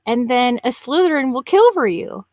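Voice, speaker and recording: A woman in her fifties, a podcast guest in casual chat, telling stories in an animated way and laughing often. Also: high-pitched, moderate pace, no room sound. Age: 50s.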